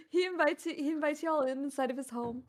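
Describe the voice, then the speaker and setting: A woman's voice: high-pitched, brisk. A woman runs a tabletop game as its game master, describing the scene for her players. She speaks casually and hesitantly, with plenty of filler sounds and restarts as she feels her way through each description. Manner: hesitant, full of ums and restarts.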